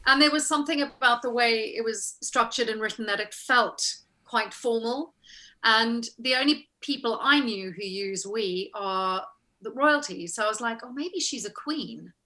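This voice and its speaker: A woman with a fairly high, bright voice and a forceful tone speaks at a moderate pace as a guest actress in an interview. She's chatty, telling her stories casually, acting out what people said to each other and laughing often.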